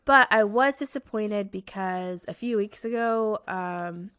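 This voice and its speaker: A woman's voice: medium pitch, a bit bright, smooth, no room sound, clean studio sound. A woman co-hosting a gaming podcast in a chatty, bubbly way, her voice worn by a cold. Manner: chatty and bubbly, quick to laugh. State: sick, hoarse voice. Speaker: podcast co-host. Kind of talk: casual chat.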